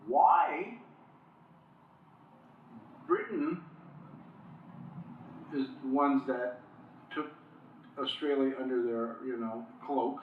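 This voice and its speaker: A man's voice: medium pitch, animated, very slow, pauses often, recorded from a distance, slight background noise. A man co-hosting a casual podcast, musing aloud and asking rhetorical questions. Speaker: podcast co-host. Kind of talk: casual chat. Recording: dull lo-fi sound in an echoey room, off mic.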